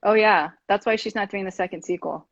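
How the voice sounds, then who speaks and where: A woman's voice: medium pitch, fairly quick, no room sound. A woman hosting a podcast, talking earnestly in casual conversation with many fillers and restarts. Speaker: podcast host. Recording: dull muffled sound, dry.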